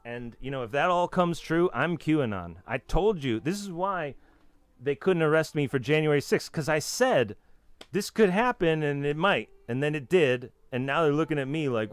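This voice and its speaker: A man's voice: on the high side, animated, normal speed, clear, resonant tone. Rambling man talking straight to camera. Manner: rambling, half-sings rhymes, swears. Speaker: channel host. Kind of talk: rambling monologue.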